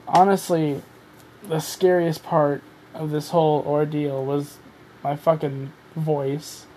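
A man with a voice pitched a little above the usual, talking alone on his podcast. He sounds tired and rambles loosely, dropping casual swears and running himself down as he goes. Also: warm tone, slight background noise. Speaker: podcast host. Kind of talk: casual solo podcast rant.

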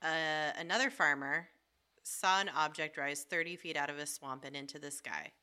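A woman's voice: low voice, steady tone, moderate pace, bright, forceful tone, clean tone. A woman co-hosting a podcast in casual chat, telling stories in a laid-back way. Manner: laid-back storyteller, laughs often. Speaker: podcast co-host.

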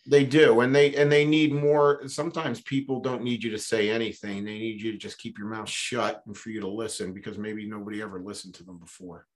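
A man who is a guest on an interview, a business coach talking in a relaxed, reflective way and telling stories with lots of "you know". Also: lowish voice, brisk, hardly any pauses. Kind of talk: conversational storytelling.

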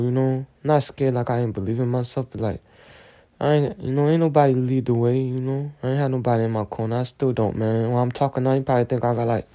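A man's voice: mid-range voice, warm tone. A man, rambling through an emotional, slangy solo monologue on the verge of tears. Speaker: solo show host. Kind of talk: personal confessional monologue.

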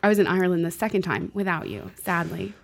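A woman co-hosting a casual talk, telling a story in a lively way and laughing easily. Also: lowish voice, fast, gravelly. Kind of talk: casual chat.

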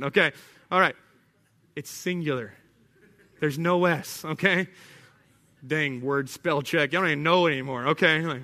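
A man preaching a sermon as a pastor, conversational and animated, acting out little scenes. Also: on the high side, moderate pace, pauses often.

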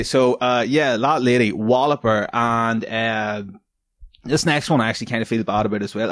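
A man's voice: on the low side, no echo. A young man hosting a casual solo podcast, stoned, rambling and swearing with frequent laughter. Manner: rambling, profane, laughing often. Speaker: podcast host.

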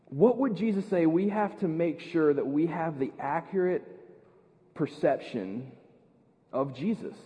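An American man preaching a sermon as pastor, earnest, repeating words and building to loud emphasis. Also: on the high side, lively intonation, a little slow, in a large hall. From United States. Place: church.

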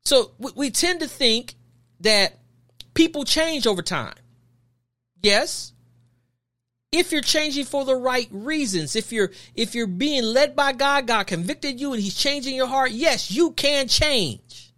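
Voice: high-pitched, lively intonation, unhurried, sharp tone. A podcast host delivering an emphatic, preachy opinion monologue full of rhetorical questions and repeated phrases.

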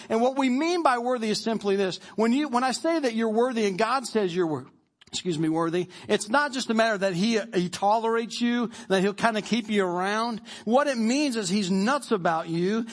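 A pastor delivers his sermon in a fairly high male voice. He keeps it casual and joking and calls on the congregation to repeat lines back. He speaks to a church full of people. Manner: joking, conversational preaching with audience prompts. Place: church service before a congregation.

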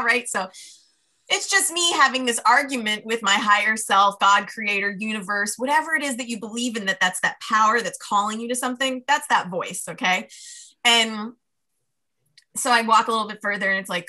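A woman's voice: mid-range voice, expressive, moderate pace, sharp tone. A woman working as a life coach, telling a personal story in a podcast conversation and acting out her inner dialogue with laughs.

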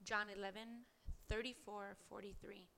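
A woman delivers a devotional podcast sermon in a bright voice. She reads scripture aloud and asks earnest rhetorical questions. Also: medium pitch, little pitch movement, moderate pace, gravelly. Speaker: preacher.

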